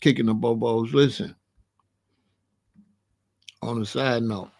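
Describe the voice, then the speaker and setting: A man in his sixties telling stories in a casual, animated way, full of street slang and "you know what I'm saying.". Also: mid-range voice, takes it slowly. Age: 60s. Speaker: channel host. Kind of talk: casual storytelling monologue.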